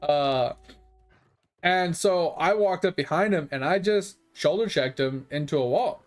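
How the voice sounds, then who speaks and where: A young adult man who streams games, telling profane, animated stories in casual chat. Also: fairly high pitch, unhurried, soft background music. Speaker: gaming streamer. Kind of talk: casual storytelling.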